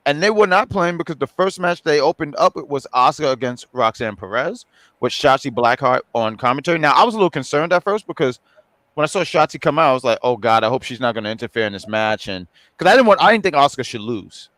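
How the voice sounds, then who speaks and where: A man's voice: a little high, animated, fast talker, a bit bright, no room sound. A man co-hosting a casual online chat, rambling with many fillers and restarts. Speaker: co-host.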